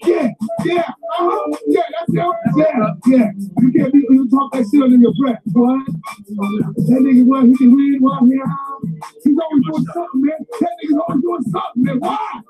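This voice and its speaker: A man's voice: very high voice, fairly even intonation, moderate pace, rough recording. A man ranting in a boastful, half-sung freestyle manner. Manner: half-singing, boastful, repetitive. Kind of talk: sing-song freestyle rant. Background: hip hop music.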